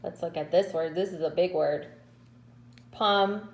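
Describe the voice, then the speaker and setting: A woman's voice: fairly low pitch, a little mellow, echoey room, slight background noise, rough recording. A woman teaching kindergarteners in a recorded lesson, speaking patiently and stretching out syllables. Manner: slow, patient, drawn-out syllables. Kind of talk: recorded remote lesson to children.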